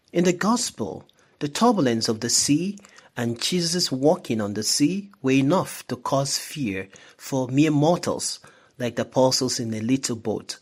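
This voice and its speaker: Man giving a measured Sunday homily. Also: medium pitch. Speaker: priest.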